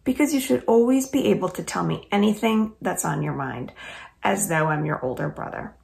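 A woman's voice: lowish voice, lively intonation, normal speed, gravelly, a little mellow. A woman reading the part of a competitive, teasing seventy-two-year-old grandfather in a storybook. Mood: earnest. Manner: teasing, playful.

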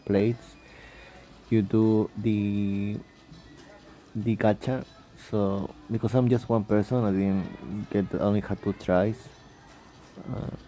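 Gravelly, low-voiced young man rambling. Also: dark tone. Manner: rambling, self-correcting, laughs often. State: sleepy, just woke up. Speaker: vlogger. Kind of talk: casual travel vlog voice-over.

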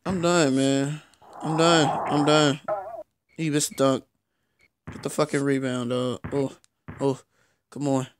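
A young man reacting out loud to a basketball video game, frustrated, swearing and yelling as he plays. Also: medium pitch, flat delivery, slow, pauses often, heavy background noise. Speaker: gaming YouTuber. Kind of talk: live gameplay commentary.

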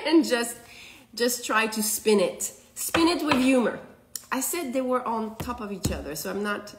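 A woman in the middle of a live tarot and astrology reading, talking at a slow, unhurried pace. She rambles loosely, laughs a lot, and keeps asking her viewers "okay?" Her voice sits at an ordinary middle pitch. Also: a bit bright. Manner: laughs often, checks in with repeated "okay?"; loose, rambling delivery with restarts.

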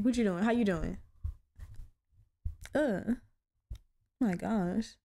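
Blunt, profane young woman podcaster. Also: mid-range voice. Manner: blunt, profane and animated storytelling. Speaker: podcast host. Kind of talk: casual solo podcast chat.

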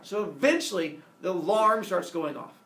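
Animated gravelly male storyteller. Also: sits high, normal speed. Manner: animated, jokey retelling of myth. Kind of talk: lively oral storytelling. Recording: echoey room, distant mic, faint hiss.

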